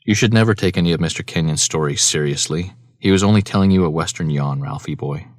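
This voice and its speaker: A man's voice: low voice, fast, no echo, clean studio sound, close to an everyday voice. A man voicing a genteel middle-aged woman who chides a boy in a prim way. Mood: chiding.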